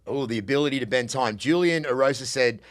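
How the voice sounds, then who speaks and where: A man's voice: mid-range voice, fast talker. A man hosting a casual podcast interview, joking and swearing, laughing often. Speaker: podcast host.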